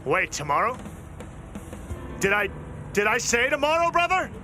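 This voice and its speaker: A man's voice: very high-pitched, very animated, normal speed, bright, forceful tone, soft background music, exaggerated voice. An actor playing a smug, scheming man in a dubbed TV drama, mocking and falsely polite. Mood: ingratiating.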